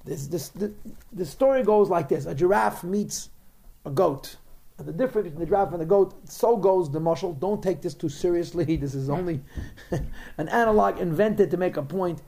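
Mellow-voiced man teaching a text. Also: high-pitched, moderate pace, creaky. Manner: explanatory, digressive, repeats words. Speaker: Torah teacher. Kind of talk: religious text lesson.

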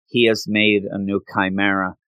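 A man's voice: fairly low pitch, flat delivery, normal speed, pushed and bright, clean tone, dry recording. A man in casual chat, animatedly retelling a story and jumping his voice up when quoting characters.

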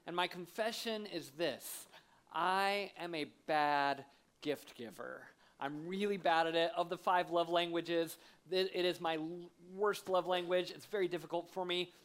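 A man's voice: high-pitched, unhurried. Man preaching with playful storytelling. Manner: lively, self-deprecating, acts out scenes. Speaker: guest preacher. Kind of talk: sermon with humorous storytelling. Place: church sanctuary.

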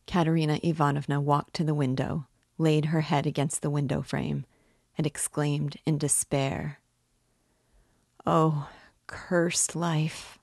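A woman reading a classic novel aloud in a slow, measured way. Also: low-pitched, level tone, gravelly, a little mellow, no echo, clean studio sound. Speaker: reader and literature guide. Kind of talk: audiobook narration of a classic novel.

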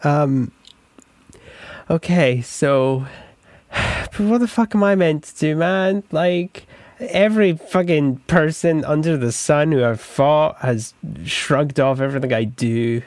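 A man's voice: fairly high pitch, takes it slowly, a little mellow, no room sound. A man playing a stammering, panicked thief. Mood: upset. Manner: stammering, swearing, berating himself. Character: Eric, an insecure young man, a self-loathing thief.

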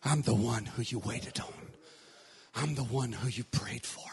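Jesus as a soft, low-voiced comforter, hushed and tender , as a male preacher puts him on. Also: measured pace, natural voice. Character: Jesus speaking softly to the faithful.

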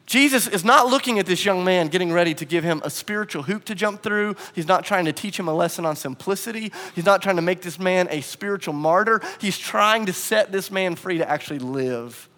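A man preaching a sermon as pastor, animated in his storytelling and acting out the quotes. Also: sits high, brisk, few pauses, in a large hall.

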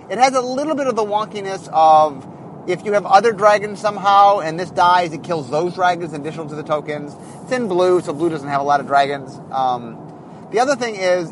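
A male game designer in a casual, animated monologue, thinking aloud as he explains design choices. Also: fairly high pitch, slight background noise.

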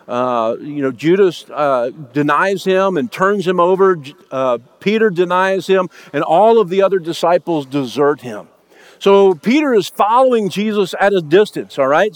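A man's voice: high voice, dry recording. A man preaching a sermon as pastor, telling a story and acting out the lines of the people in it. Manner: storytelling, acts out quoted lines in raised voice.

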